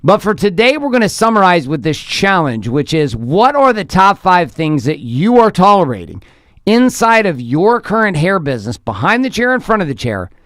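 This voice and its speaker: A man's voice: high-pitched, very animated, normal speed, fairly bright tone, no echo, clean studio sound. Emphatic motivational podcast host, a man. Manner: emphatic, repetitive motivational phrasing.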